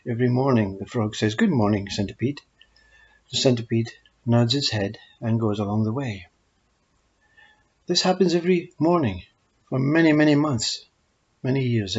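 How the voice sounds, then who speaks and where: A man calmly telling short spiritual parables in a measured, unhurried way. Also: medium pitch, breathy edge. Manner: calm, measured storytelling. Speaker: storyteller. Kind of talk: spoken parables. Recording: dull lo-fi recording.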